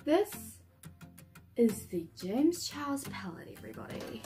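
Woman, beauty vlogger, high voice, gushing, giggly, slow-paced, music underneath. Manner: gushing and excitable, often giggling. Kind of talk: casual unboxing vlog.

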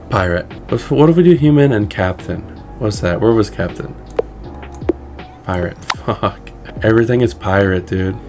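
A man giving casual gameplay commentary as a streamer, excitable, laughing and swearing at his own failures, with faint music behind him. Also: fairly low pitch. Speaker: gaming streamer.

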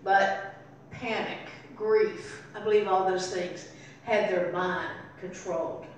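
A woman's voice: medium pitch, steady tone, takes it slowly, slight background noise. Echoey woman preacher, heard from afar. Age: older. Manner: storytelling, acting out voices softly in quotes. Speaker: pastor. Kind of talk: sermon. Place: church sanctuary. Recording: very echoey room, voice from far off.

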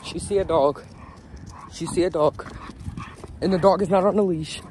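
A young man vlogging on his phone while walking his dog in a park, chatting excitedly to viewers in slangy casual talk. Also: high voice, normal speed, low-quality recording. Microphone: phone held in hand. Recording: outdoor phone audio with background noise.

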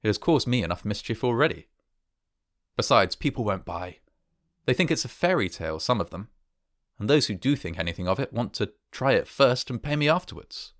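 A man reading the part of a solemn old sergeant major who speaks gruffly and gives grave warnings. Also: medium pitch, very animated, brisk, a bit bright, no room sound, studio quality.

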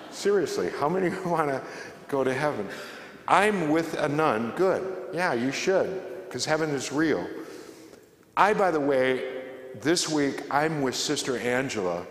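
A man giving an inspirational faith talk at a church, joking and conversational, then dropping to a soft, quiet delivery. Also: medium pitch, slight background noise. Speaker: guest speaker at a church. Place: large church. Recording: echoey church hall with long reverb.

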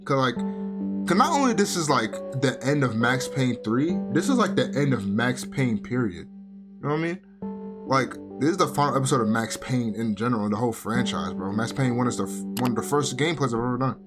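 A man's voice: medium pitch, animated, fairly quick. A young man giving chatty, emotional gameplay commentary, saying "bro" a lot. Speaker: gaming video creator. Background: game soundtrack music.

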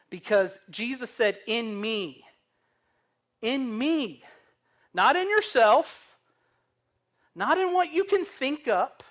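A man's voice: very high-pitched, fairly bright tone. A young man preaching a sermon, earnest and humorous, telling stories. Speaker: pastor.

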